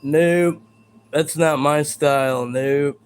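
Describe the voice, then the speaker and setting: A man's voice: fairly high pitch, steady tone, takes it slowly, clear, resonant tone. A man hosting a live stream, talking to his chat in a combative, profane, ranting way.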